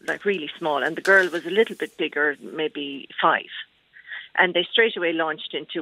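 Over a tinny phone line, an Irish woman calls a radio phone-in and speaks hesitantly, full of fillers and restarts. Her voice is low, pushed and bright, with vocal fry, at a normal speed.

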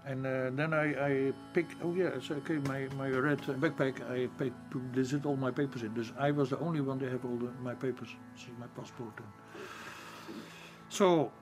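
Dutch captain guy, broken english, stops and restarts a lot, soft music under him. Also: mid-range voice. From Netherlands. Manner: halting non-native English, searching for words. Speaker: ship captain. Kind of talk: interview recollection.

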